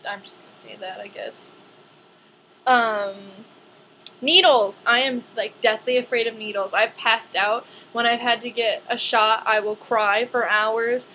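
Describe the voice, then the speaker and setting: A young woman ranting casually to camera in a vlog, chatty and animated, with lots of "like". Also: fairly high pitch, a little hiss or hum, poor audio. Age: young adult.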